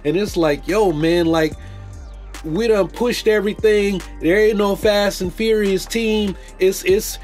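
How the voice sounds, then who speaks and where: Over soft background music, a podcast host riffs casually about movies, peppering his commentary with jokes, slang and restarts. His voice sits high with a darkish, steady tone and a measured pace.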